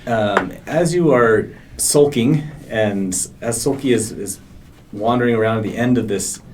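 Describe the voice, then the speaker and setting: A man's voice: mid-range voice, a little slow, a little mellow, a little hiss or hum. A man narrating as game master of a tabletop game in a game store, hesitant and full of ums and uhs.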